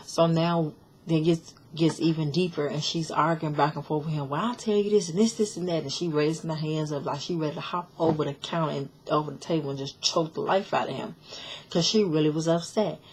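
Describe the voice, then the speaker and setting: A woman's voice: sits low, steady tone, brisk, a little hiss or hum. A woman casually recapping a reality show episode, chatty and blunt, with lots of fillers and restarts. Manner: blunt, sassy commentary.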